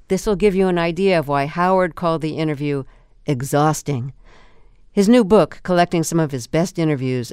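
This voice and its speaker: Smooth-voiced woman radio host. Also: low voice, a little mellow, dry recording, clean studio sound. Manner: measured, clear broadcast delivery. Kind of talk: radio host closing announcements.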